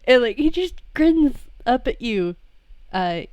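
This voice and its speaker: A woman's voice: fairly high pitch, sing-song, takes it slowly, a little mellow, clear, resonant tone, no room sound, lo-fi sound. A woman playing a tabletop game, narrating her character hesitantly with many fillers. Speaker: player.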